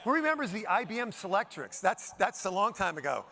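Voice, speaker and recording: Bright, peppy male keynote speaker. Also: high voice, big pitch swings, vocal fry. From Denver, Colorado. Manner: upbeat, playful, bossing the crowd with quick commands. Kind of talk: high-energy audience-participation keynote. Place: conference hall stage.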